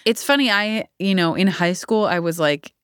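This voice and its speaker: A woman's voice: medium pitch, moderate pace, fairly bright tone, clean tone, dry recording, clean studio sound. A woman in her thirties, an actor guest chatting candidly in a rambling interview, laughing often. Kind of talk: casual interview chat.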